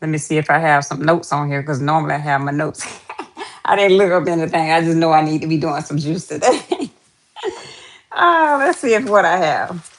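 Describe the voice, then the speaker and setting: A woman's voice: sits low, moderate pace. A woman hosting a casual live stream, chatty and greeting viewers over and over. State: out of breath.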